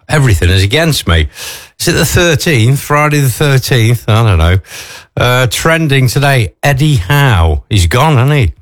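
A man's voice: medium pitch, big pitch swings, measured pace, no echo, clean studio sound. A man talking casually to camera in a chatty, wry way, full of asides. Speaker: vlogger. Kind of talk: casual morning chat.

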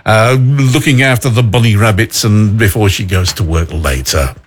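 A man's voice: on the low side, moderate pace, slightly rough. A man hosting a local morning radio show, chatty and rambling, full of self-deprecating asides. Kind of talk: casual radio chat.

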